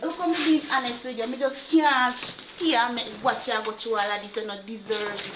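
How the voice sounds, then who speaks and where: A woman's voice: fairly high pitch, steady tone, fairly quick, noisy background, close to an everyday voice. A woman with a Jamaican accent playing a remorseful young woman who confesses a deception and begs forgiveness. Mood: pleading. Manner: pleading, apologetic. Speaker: actor in a film. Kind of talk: low-budget film acting.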